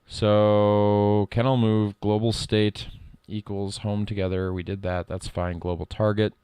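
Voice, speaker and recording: A middle-aged man streaming live code work, reading lines aloud and thinking out loud in a casual way. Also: lowish voice, level tone, unhurried, clear, resonant tone, dry recording, studio quality. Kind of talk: casual live-coding commentary.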